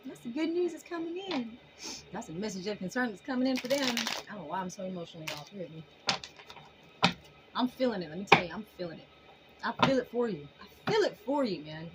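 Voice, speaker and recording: A woman giving a casual tarot reading to her viewers in an animated, emphatic way, often laughing. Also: mid-range voice, a little fast, heavy background noise. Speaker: tarot reader.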